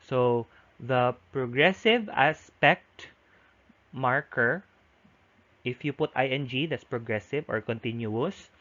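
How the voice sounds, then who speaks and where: A man's voice: mid-range voice, slow pace, a bit bright. A man lecturing on a topic, explaining step by step with frequent restarts. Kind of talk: recorded lecture. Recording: dull lo-fi audio.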